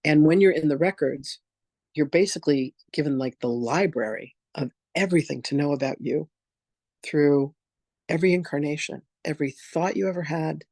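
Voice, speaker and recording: A man and reverend teaching in an online masterclass, telling personal stories in a candid, animated, casual way. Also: fairly high pitch, normal speed, no room sound, studio quality. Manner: animated, acts out quoted voices, casual and candid.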